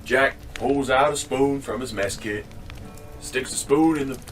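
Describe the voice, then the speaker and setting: A man spins a comic yarn in a loose, rambling way, restarting phrases and swearing now and then. His medium-pitched voice sits back from the microphone. Faint music plays underneath. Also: measured pace, recorded from a distance. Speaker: storyteller. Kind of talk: casual comedic storytelling.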